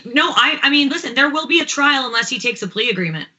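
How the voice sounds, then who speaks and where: A woman panelist on a talk show, assertive and opinionated, with quick asides. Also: high voice, animated, pushed and bright, highs cut off. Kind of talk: casual panel chat.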